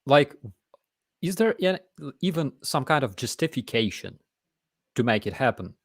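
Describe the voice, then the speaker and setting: A man's voice: mid-range voice, sing-song, normal speed, dry recording, studio quality. A man, hosting a casual live chat and talking in a blunt, emphatic way. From Ukraine. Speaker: host.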